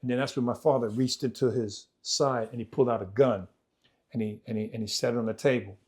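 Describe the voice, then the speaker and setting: Fast and conversational, this man relays his life story on a podcast, alternating loud, spirited stretches with quiet, low ones. He repeats things often and acts out the voices of family members in his vivid retelling.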